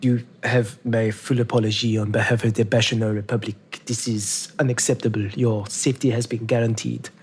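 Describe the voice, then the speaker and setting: A man's voice: medium pitch, level tone, brisk, few pauses, darkish tone, a little hiss or hum, natural voice. A man voicing a stiffly formal guard captain woman. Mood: apologetic.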